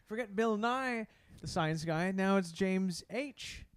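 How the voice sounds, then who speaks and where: High-voiced, jokey man podcaster. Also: clear, resonant tone. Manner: quick, joking, playful. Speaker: podcast co-host. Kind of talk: casual comedic podcast chat.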